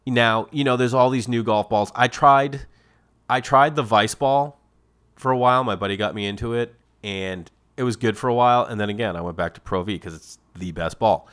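A middle-aged man from Massachusetts hosts a podcast in a smooth, medium-pitched voice at normal speed. The monologue is comedic and casual, told as animated stories that leap into exaggerated character voices.

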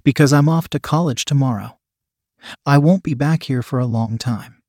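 A man reading the lines of a confident young woman in a sweet, calm way. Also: mid-range voice, normal speed, no room sound, clean studio sound, natural voice.

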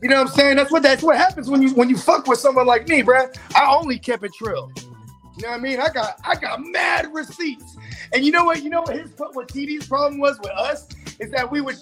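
A man's voice: very high-pitched, a little fast, fairly bright tone, soft background music. A man co-hosting a podcast, swaggering and swearing freely as he trash-talks in casual chat. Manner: brash, swaggering, cursing freely. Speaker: podcast co-host. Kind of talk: casual profane trash talk.

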